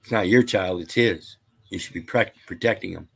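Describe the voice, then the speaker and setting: A man's voice: low-pitched, normal speed, gravelly, breathy edge. A man lecturing casually, reading out statute numbers and scripture in a rambling, preachy way. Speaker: channel host.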